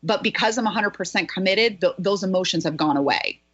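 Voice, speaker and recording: A woman's voice: mid-range voice, animated, a little fast, fairly bright tone, husky, highs cut off. Emphatic woman health coach on radio. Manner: emphatic, motivational. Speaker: health coach, show host. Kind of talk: energetic radio talk.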